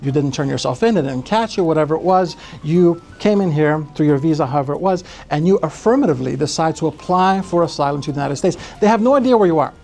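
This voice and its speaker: A man from Brazil, an immigration lawyer, explaining cases in a podcast interview with animated delivery. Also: on the high side, quick pace, creaky, hardly any pauses. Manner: animated, acts out quotes in other voices.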